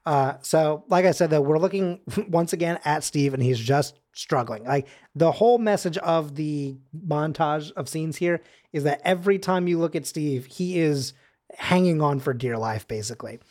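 A man's voice: fairly high pitch, normal speed, a little mellow. A man co-hosting a casual podcast, retelling a film scene by scene with eager enthusiasm and frequent laughter. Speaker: podcast co-host recapping a film. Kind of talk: casual chat.

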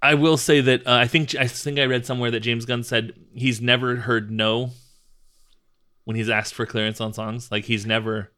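A man chatting casually on a podcast with a bright, forward tone. He keeps things easygoing and quick to agree, adding short thoughts of his own now and then. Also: mid-range voice, level tone, clear, resonant tone. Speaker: podcast co-host. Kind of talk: casual chat.

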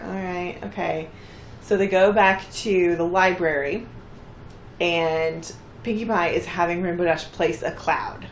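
A woman's voice: unhurried, roomy sound, a little hiss or hum. A woman co-hosting a casual podcast, retelling a cartoon episode and acting out the characters' lines. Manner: chatty, acts out characters' lines with bursts of pitch. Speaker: podcast co-host recapping an episode. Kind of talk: casual chat.

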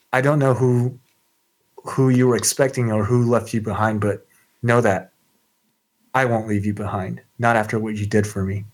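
A man's voice: medium pitch, lightly acted. A man voicing an earnest young woman squire who speaks with urgency.

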